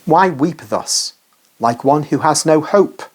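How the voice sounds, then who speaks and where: A reader voicing a calm, gentle male spiritual master who consoles a grieving woman, in a slow reading. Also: mid-range voice, breathy edge. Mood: consoling.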